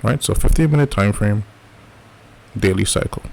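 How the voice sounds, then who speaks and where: A man's voice: fairly low pitch, moderate pace, creaky, darkish tone, a little hiss or hum. A man teaching a live trading lesson in a casual coaching way, often checking in with "right?". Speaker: trading educator.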